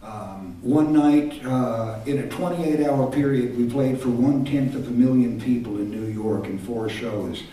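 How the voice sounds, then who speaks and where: A man's voice: mid-range voice, moderate pace, few pauses, mellow. Older man telling stage stories, echoey hall. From Texas. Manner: reflective, self-deprecating storytelling. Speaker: singer-songwriter. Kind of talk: stage talk between songs. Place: concert stage. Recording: echoey live hall from far off. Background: guitar music.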